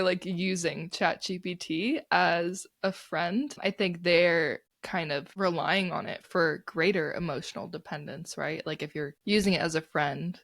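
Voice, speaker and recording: A woman with a slightly low voice co-hosts a relaxed podcast. She walks through research findings conversationally and keeps checking in with her co-host. The recording is close and dry. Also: vocal fry, dry recording. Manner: explains studies conversationally, many "like" and "right?". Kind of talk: casual podcast discussion.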